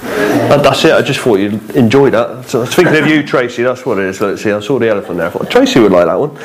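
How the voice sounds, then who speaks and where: A man's voice: mid-range voice, fast talker, a crowd in the background. A man, a guest preacher giving an informal sermon with chatty jokes and frequent fillers in a church hall.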